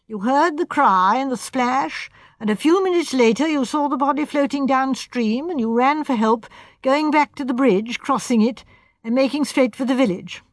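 A woman reading the part of a brisk, firm middle-aged male chief constable. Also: high-pitched, no echo, studio quality, pitched above the performer's own voice, lightly acted. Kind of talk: audiobook character voice.

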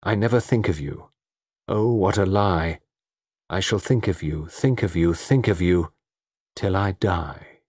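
A man reciting as a deep, hoarse cabaret singer. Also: a little slow, a little mellow, dry recording, studio quality. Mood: mournful.

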